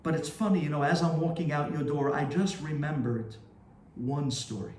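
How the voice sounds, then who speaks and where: Casting: male storyteller as humble old-world attendant, hushed apology, lowish, echoey room. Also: fairly even intonation, moderate pace, slight background noise, lightly acted. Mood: apologetic.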